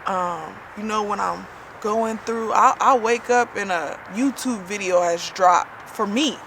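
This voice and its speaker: A woman talks straight to her viewers in a relaxed, chatty way, sprinkling "you know" through every thought. Her voice sits at a middle pitch, with a faint hiss of noise behind it. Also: unhurried. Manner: chatty, with frequent "you know" fillers and laughter; heartfelt, spiritual testimony. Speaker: vlogger. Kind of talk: casual personal storytelling.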